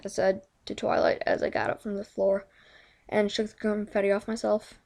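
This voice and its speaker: Woman with a gravelly voice reading a story aloud. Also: medium pitch, flat delivery, moderate pace, darkish tone. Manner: stumbling, self-correcting reading. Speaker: fanfiction reader.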